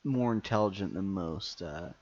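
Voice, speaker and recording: A man narrating a tabletop game as game master, halting and full of fillers. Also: low-pitched, expressive, a little mellow, lo-fi sound. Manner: hesitant, filler-heavy narration.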